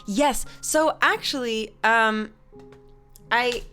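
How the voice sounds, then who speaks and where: A young woman streams and chats with her viewers in a loose, rambling way, laughing as she reads their messages aloud. Her voice sits a little high, with faint music playing underneath. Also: drawn-out words, sharp tone. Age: young adult. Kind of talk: casual chat with live chat.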